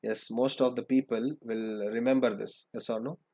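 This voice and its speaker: A man's voice: mid-range voice, steady tone, normal speed, noisy background. Young guy teaching online, keeps saying right? and repeating himself. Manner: frequent "right?" tag questions, repeats phrases. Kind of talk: lecture to students.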